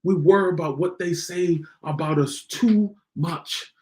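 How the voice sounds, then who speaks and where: A man's voice: on the high side, a little slow. A man hosting a podcast, giving a motivational talk in a preachy way and repeating lines for emphasis. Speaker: podcast host.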